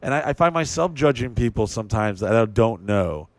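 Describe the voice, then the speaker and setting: A man's voice: on the low side, expressive, brisk, no room sound. A man hosting a podcast, talking in a loose, rambling way, swearing a lot and hammering his points home. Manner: profane, rambling, emphatic. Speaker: podcast host. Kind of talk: casual chat.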